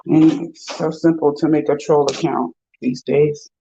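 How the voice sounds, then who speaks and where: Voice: medium pitch, level tone, a little slow, gravelly, noisy background. A host chatting casually with livestream viewers, talking to the viewers and to pets along the way. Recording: dull lo-fi sound.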